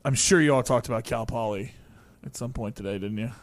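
A man co-hosting a sports radio show, joking in an animated way. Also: medium pitch, brisk, no echo. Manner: animated, jokey. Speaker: radio sports talk co-host. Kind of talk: casual radio banter.

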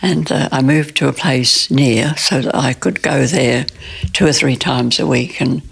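A woman in her nineties recounting a personal story in an interview, in plain, halting speech with restarts. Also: extremely low pitch, vocal fry, husky. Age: 90s. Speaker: interview guest.

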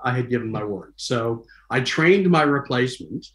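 A man telling stories from his career in a casual, animated way, acting out the voices of the people in his stories. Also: medium pitch, normal speed, echoey room, slight background noise. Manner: animated, acts out quoted dialogue in different voices. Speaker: guest recalling his career. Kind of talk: casual storytelling.

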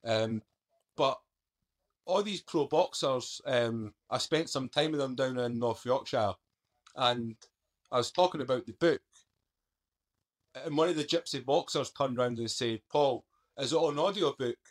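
A man's voice: medium pitch, unhurried, long pauses. A man, a podcast guest telling his story in a plain-spoken, conversational way. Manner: plain-spoken, conversational, uses "mate" and "I done". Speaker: guest, author. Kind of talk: casual interview storytelling.

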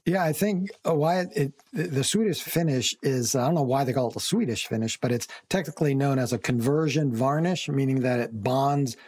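A male radio co-host with a slightly husky voice gives advice. He explains things plainly and in a matter-of-fact way, at a steady conversational pitch. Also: brisk, few pauses. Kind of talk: radio call-in talk.

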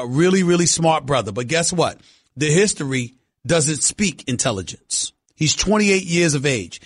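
A man's voice: on the high side, a bit bright. A man hosting a sports talk radio show, emphatic and repeating points for stress.

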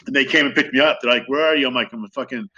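A man in his thirties from Southern California candidly telling his recovery story in a fast, profane, animated way. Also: mid-range voice, husky, lo-fi sound. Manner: fast, profane, animated retelling with acted quotes. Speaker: guest sharing recovery story.

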